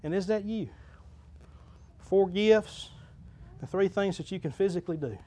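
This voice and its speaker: A pastor with a notably high voice delivers a folksy sermon in church. He talks plainly to the congregation, swells into loud preaching runs and then settles back to a quieter, conversational tone. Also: expressive, normal speed, pauses often. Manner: folksy, builds to loud preaching crescendos then drops low. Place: church sanctuary.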